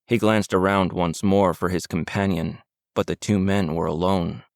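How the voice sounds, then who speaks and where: Audiobook narrator, male, deep gravelly voice, steady and measured. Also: no room sound, clean studio sound. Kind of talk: scripted narration.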